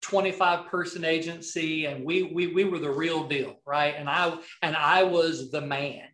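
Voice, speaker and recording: A middle-aged man with a Southern accent speaks a little slowly, his voice on the high side and the sound roomy. He's a video marketing coach guesting on a podcast, spinning rambling, animated stories with frequent restarts in a casual interview.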